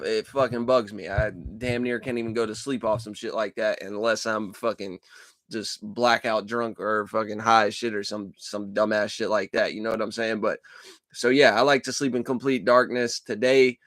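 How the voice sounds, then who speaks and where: A man hosting a casual dream-journal vlog from a dark room at his computer, talking into a desk microphone in a rambling, profane way with lots of fillers and restarts. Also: on the low side, steady tone, moderate pace, no echo, clean studio sound. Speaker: channel host.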